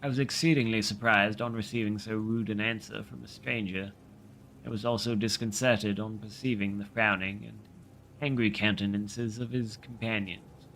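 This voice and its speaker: A man reading a classic novel aloud on a livestream in a steady, measured way. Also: on the low side, gravelly, a little hiss or hum, rough recording.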